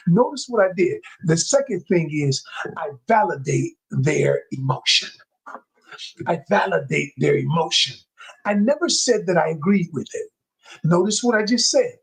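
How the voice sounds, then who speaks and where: A man coaching an audience, talking emphatically, repeating key phrases and speaking straight to his listeners, sometimes lowering his voice to show calm. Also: measured pace, vocal fry, breathy edge, low-quality recording. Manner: emphatic and repetitive, addresses listeners directly; drops his voice low to demonstrate calm. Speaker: communication coach. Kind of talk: motivational talk to an audience.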